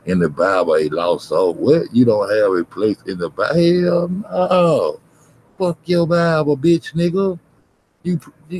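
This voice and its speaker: A man's voice: mid-range voice, unhurried, a little mellow, slight background noise, low-quality recording. A man livestreaming, ranting at his chat in a confrontational, heavily cursing, repetitive way. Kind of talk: profane rant at chat.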